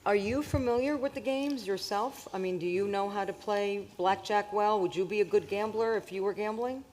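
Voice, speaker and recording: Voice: medium pitch, darkish tone. An interviewer on stage asking questions in a chatty way and laughing often. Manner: chatty, laughs often, quick back-channel replies.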